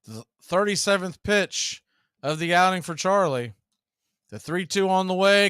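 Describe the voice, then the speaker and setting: A man calling live baseball play-by-play, steady and measured as he calls each pitch and count, with an occasional dry quip. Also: clear, resonant tone, no echo. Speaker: play-by-play announcer.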